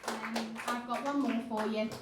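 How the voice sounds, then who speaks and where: A woman's voice: on the high side, fairly even intonation, measured pace, heavy background noise. A woman poet performing spoken word live on stage, with an impassioned, rhythmic delivery and chatty asides between poems. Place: live music venue stage. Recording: echoey room, mic at a distance.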